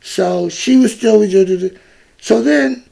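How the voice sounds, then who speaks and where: A man from Ohio telling a personal story in a casual, animated monologue, acting out the exchanges and filling gaps with "da, da, da.". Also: very high-pitched, slow, gravelly. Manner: animated, reenacts exchanges, scat fillers like "da, da, da". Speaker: vlogger.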